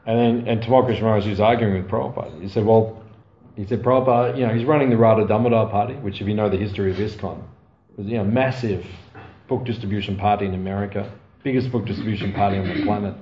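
Guy preaching a story in a sermon, low mellow voice, laughs a lot, echoey room, kinda dull lo-fi sound, faint hiss. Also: fairly even intonation, fast talker. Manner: anecdotal, laughing often, frequent "right?" asides. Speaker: spiritual teacher. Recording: dull, roomy recording with faint ambient noise.

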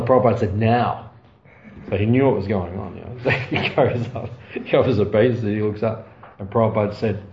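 A man giving a storytelling sermon, laughing often and tagging lines with quick asides to his listeners. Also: on the low side, darkish tone. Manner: anecdotal, laughing often, frequent "right?" asides. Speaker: spiritual teacher. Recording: dull, roomy recording with faint ambient noise.

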